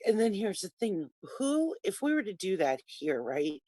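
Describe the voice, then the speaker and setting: A woman's voice: mid-range voice, moderate pace, breathy edge, dry recording. Opinionated woman co-host. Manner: opinionated, animated. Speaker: talk show co-host. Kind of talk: casual political talk.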